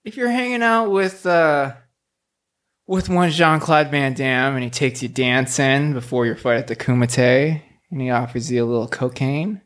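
A man's voice: mid-range voice, moderate pace. A male podcast co-host in casual comedic chat, riffing and laughing often.

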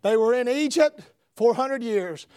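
A man preaching a revival sermon, swinging between shouted emphasis and hushed lines. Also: very high voice, lively intonation, unhurried, clean tone, dry recording.

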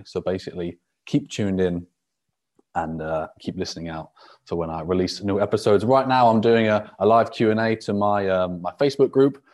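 Laid-back young male coach from the UK, low-pitched, chatting loosely over a laptop mic with plenty of swearing. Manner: relaxed, sweary, rambling with fillers. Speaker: podcast host and rugby fitness coach. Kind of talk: casual solo podcast. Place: indoors at a laptop on a live video call.

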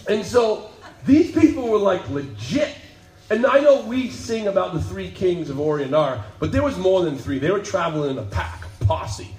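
Animated preacher man in a roomy hall. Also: a little slow. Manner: animated, joking storytelling that drops to a low, solemn tone. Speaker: pastor. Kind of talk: sermon. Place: church sanctuary.

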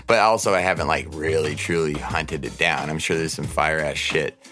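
Casting: very deep-voiced male podcast host, loose and profane, lots of "like" and "you know", faint music underneath. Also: steady tone, moderate pace, pushed and bright. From Portland area, Oregon. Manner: rambling, profane, laid-back with lots of fillers. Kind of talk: casual podcast chat.

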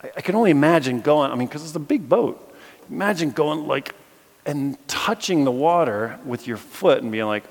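A man giving a casual, conversational sermon, reading scripture and retelling it as a lively storyteller with playful acted asides. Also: on the high side, normal speed. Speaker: preacher and philosophy teacher. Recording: echoey hall with long reverb.

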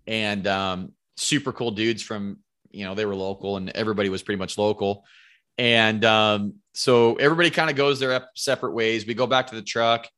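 A man telling hunting stories as a guest in a casual podcast interview, animated and rambling, with free swearing. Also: on the low side, brisk. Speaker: podcast guest, bow hunter.

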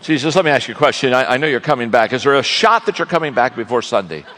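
A man preaching a sermon, telling stories with lively energy and acting out the people in them. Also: medium pitch, fast, big-room sound. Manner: animated storytelling, acting out characters. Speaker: guest speaker.

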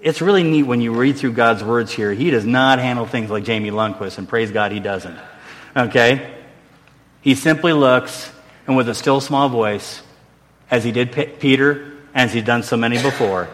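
A man's voice: medium pitch, normal speed, pauses often, fairly bright tone. A middle-aged male pastor preaching a sermon in a church, earnest and conversational, with restarts and self-deprecating asides. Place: church sanctuary. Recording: long reverb of a large hall.

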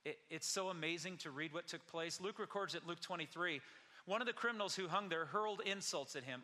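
A male pastor preaches with a bright, ringing, tense tone and a slightly high voice. He delivers the sermon earnestly, asks the congregation rhetorical questions and slows down to press a point. His voice carries a long reverb from a large hall.

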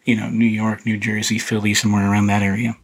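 A man hosting a podcast, casually talking through a film in a relaxed, rambling way with many fillers and restarts. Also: lowish voice, fast, poor audio. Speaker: podcast host reviewing a film. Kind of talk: casual solo film commentary.

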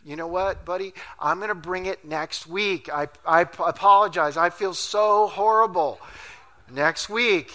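Bright, high-voiced lively pastor. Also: male voice, unhurried. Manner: animated, self-deprecating and jokey; laughs often while talking. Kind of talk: storytelling sermon. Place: church service.

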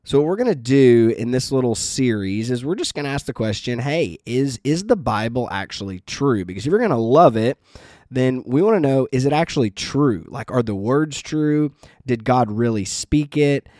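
Man of mid pitch teaching the Bible conversationally, earnest, recorded dry. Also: animated, moderate pace, dark tone, no room sound. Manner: conversational, earnest, uses many fillers. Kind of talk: casual teaching talk with personal story.

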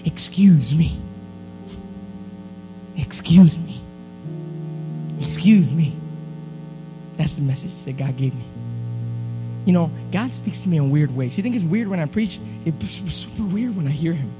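A man preaching a sermon to a church, building from steady teaching into loud, urgent exhortation. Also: a little high, a little fast, over music, poor audio. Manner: preaching with rising intensity into shouted exhortation.

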